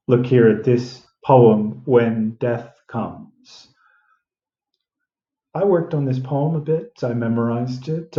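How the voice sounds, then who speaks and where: A man teaching a diction lesson, sounding out words slowly and deliberately, repeating them as he goes. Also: medium pitch, warm tone. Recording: roomy, dull lo-fi sound.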